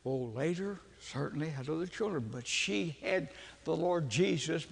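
An older man, preaching as a folksy, animated storyteller who laughs at his own jokes. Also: fairly high pitch, moderate pace, gravelly. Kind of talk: storytelling sermon. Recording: echoey hall with long reverb.

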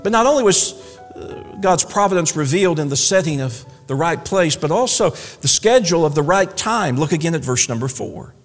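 A man preaching a sermon in a church, folksy and animated, with humorous asides. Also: a little high, brisk, in a large hall, faint music behind. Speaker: pastor. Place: church sanctuary.

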